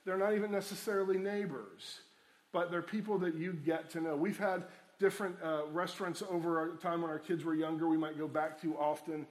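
Earnest high-voiced male preacher. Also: fairly even intonation, a little fast. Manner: earnest, repeats key phrases for emphasis. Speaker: pastor. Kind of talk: sermon.

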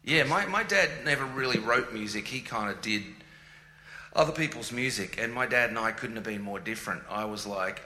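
A guest musician, a man in his forties with an Australian accent, talks in a lowish, fairly quick voice that sounds pushed and bright. His casual conversation is joking and self-deprecating, recorded in an echoey room with a faint ambient hum.

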